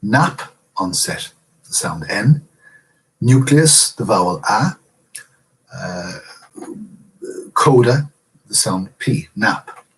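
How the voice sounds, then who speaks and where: A male university lecturer speaks slowly in a somewhat low, husky voice. He explains patiently, step by step, with frequent pauses in a recorded class lecture. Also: expressive, poor audio.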